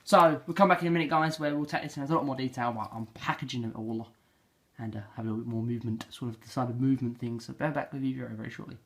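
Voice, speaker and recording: A man's voice: medium pitch, fairly even intonation, rapid-fire, fairly bright tone. A young man from England, chatting casually and rambling through an unboxing, full of fillers and self-deprecating asides. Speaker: unboxing vlogger. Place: home bedroom. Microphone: handheld camera mic. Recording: noisy home camera audio. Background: crinkling packaging and clicks.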